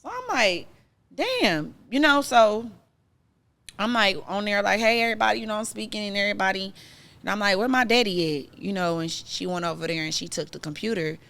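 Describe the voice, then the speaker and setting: A woman guest telling her personal story in casual podcast chat, animated and emotional, with many fillers. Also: mid-range voice, fairly quick.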